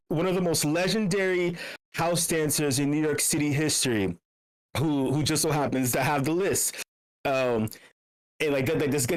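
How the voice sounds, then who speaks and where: A man's voice: high voice, poor audio. A man hosting a meetup in a voice channel, telling a rambling, profane story, laughing often and sick with a cough. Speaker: meetup host.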